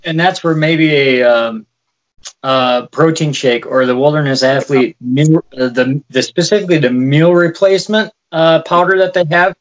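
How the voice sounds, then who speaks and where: Podcast co-host, male, light Wisconsin accent, slightly raised pitch, casual explainer, muffled audio. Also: moderate pace. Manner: relaxed and explanatory, with frequent fillers. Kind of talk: casual chat.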